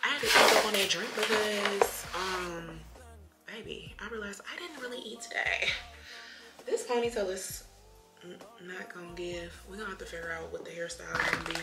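A woman's voice: medium pitch, moderate pace. A young woman, a little tipsy, chatting playfully to her viewers while doing her makeup at home. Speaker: beauty vlogger. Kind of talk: casual get-ready-with-me chat. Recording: roomy room with music playing behind.

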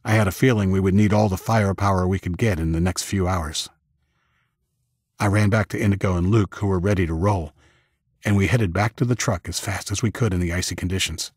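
A man narrating a first-person audiobook in a steady, even storytelling manner. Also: low-pitched, brisk, husky, no echo, clean studio sound.

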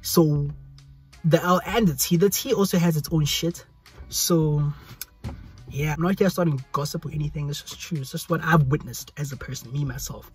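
Young South African man, husky and breathy, a bit high-pitched, chatty vlogger into a phone, faint music under. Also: normal speed. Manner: chatty, rambling, repeats pleas. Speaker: YouTuber. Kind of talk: casual vlog talk to camera. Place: hot indoor room. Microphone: phone selfie camera.

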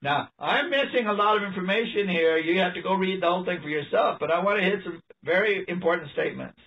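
A man preaching an animated, emphatic sermon, reading passages aloud and laughing often. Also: high voice, fast talker. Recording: distant mic, dull lo-fi sound.

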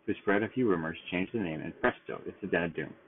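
A big, easygoing bear who loves to tease, as a man reading a storybook puts him on. His voice sits low and relaxed, jovial throughout. The recording is thin and tinny, like a phone call. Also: quick pace, a little hiss or hum. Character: big easygoing male bear, cheerful and teasing.

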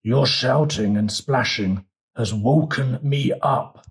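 A man voicing a grumpy, hungry male alligator in a storybook reading, with a low, slow growl. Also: lightly acted. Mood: menacing.

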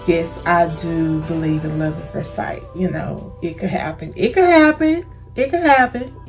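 Slow, gravelly American woman vlogging. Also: lowish voice, darkish tone, rough recording. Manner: chatty, drawn-out, playful. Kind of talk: casual Q&A vlog.

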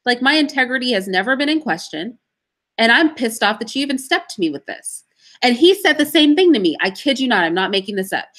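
A woman answering as an interview guest, telling stories in an emphatic, animated way. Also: fairly high pitch. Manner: emphatic, animated storytelling with pauses.

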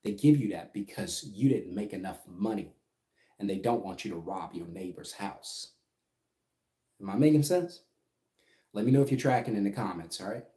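A middle-aged man teaches business in a casual, emphatic way and keeps checking in with his listeners. His voice sits low and mellow. The sound is roomy and echoey. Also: lively intonation, normal speed, long pauses. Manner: emphatic, keeps asking "right?". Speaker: business coach. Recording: echoey room.

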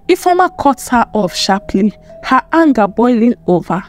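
A woman narrating a dramatic story in an expressive, emphatic way. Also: fairly high pitch, moderate pace, hardly any pauses. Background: faint music.

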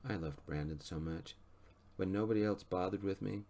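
A man with a low voice reads a story aloud in a soft-spoken, gentle way. His delivery is calm and even, meant for quiet listening. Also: moderate pace. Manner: gentle, even reading pace.

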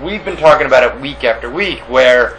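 Bright, animated New York man. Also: medium pitch, fairly quick, a little hiss or hum, rough recording. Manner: rambling, hesitant, lots of fillers. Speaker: co-host. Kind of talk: casual podcast chat. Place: small hot room with air conditioning.

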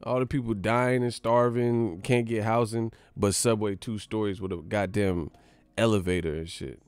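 A man's voice: lowish voice, fairly even intonation, normal speed, a little mellow, clear, resonant tone, no echo. A man hosting a live stream, chatting casually with his viewers, loose and profane, joking as he reads out their comments.

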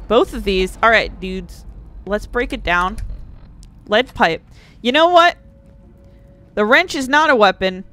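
A woman hosting a let's play, giving excitable, sarcastic gameplay commentary, swearing freely and yelling at enemies. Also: mid-range voice.

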